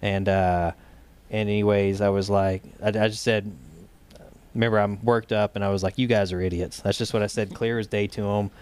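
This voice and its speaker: Low-voiced man telling a story. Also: flat delivery, normal speed, darkish tone, smooth. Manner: talks in loose runs with frequent fillers and restarts. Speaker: guest, state director of a gun rights group. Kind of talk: casual interview storytelling.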